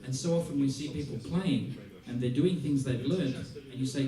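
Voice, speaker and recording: Animated man teaching in a roomy hall. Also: mid-range voice, moderate pace, few pauses, distant mic, a crowd in the background. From Australia. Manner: lively, playful, acts out little scenes. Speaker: music teacher giving a masterclass. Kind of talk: masterclass talk. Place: large theater hall. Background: audience laughter.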